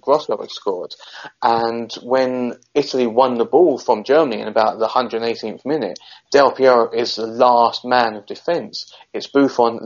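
A podcast co-host with a medium-pitched voice tells a long, rambling football anecdote in casual chat, restarting many times. The recording sounds muffled.

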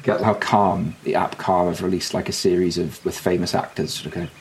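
A man's voice: low voice, flat delivery, a little fast, a little hiss or hum. A man co-hosting a podcast, chatting casually in a rambling, self-interrupting and jokey way. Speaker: podcast co-host. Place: at home during rain, remote call.

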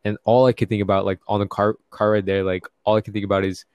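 A man's voice: on the low side, level tone, fast talker, dry recording, clean studio sound. A young man telling a rambling, profane, comic story in casual chat.

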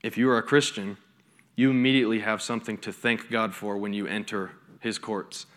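A man's voice: lowish voice, steady tone, fairly quick, fairly bright tone. A young man, a college pastor giving a conversational sermon with stories and asides. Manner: conversational preaching with storytelling and asides.

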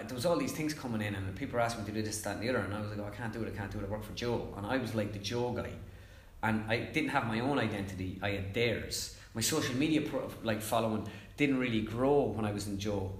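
A young Irish man chatting casually as a comedian guest, telling stories fast and acting out quotes. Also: fairly low pitch, echoey room. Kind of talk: casual chat.

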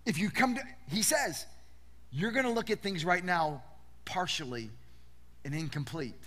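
In this sermon, a man serving as pastor speaks with a high voice at a measured pace. His style is lively and conversational, sprinkled with rhetorical questions and repeated words.

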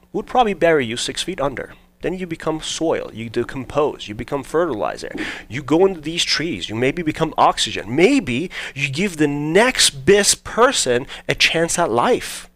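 A man voicing a tall, older bearded stranger who speaks gently and philosophically to coax a listener. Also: a little high, voice pushed up.

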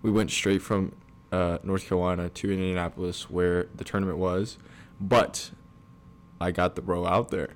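Young man, low voice, relaxed podcast co-host, casual chat. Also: moderate pace, slight background noise. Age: young adult. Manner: laid-back, short agreeing replies. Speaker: podcast co-host, college basketball player.

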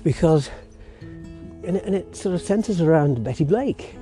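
A man with a relaxed, mellow voice tells a meandering story for his podcast, restarting sentences and breaking off to coax his dog along. He records outdoors on a walk with a portable mic. Faint music plays behind him. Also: fairly high pitch, unhurried. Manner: rambling, self-interrupting, chatty with his dog. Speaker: podcast host. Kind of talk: casual storytelling monologue.

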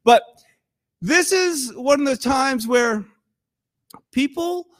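Young guy preaching, high voice, animated, cracks jokes as he goes. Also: slow pace. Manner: animated, conversational, joking asides. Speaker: pastor. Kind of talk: sermon.

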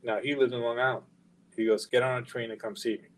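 Speaking quickly at medium pitch, this middle-aged record label founder guests on a podcast. He relays a lengthy anecdote with profanity and animation, performing the quoted lines, in low-quality audio.

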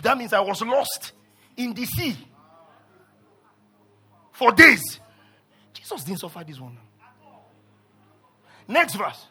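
A male pastor preaching a sermon, swinging from low murmurs to loud shouts and acting out scripture voices. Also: very animated, normal speed, long pauses, husky. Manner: acts out scripture voices and asides.

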